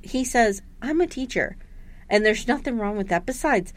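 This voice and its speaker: A woman co-hosting a casual podcast, recapping an episode with animated storytelling and squealed voices for the people she quotes. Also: on the high side, moderate pace, no room sound. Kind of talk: casual chat.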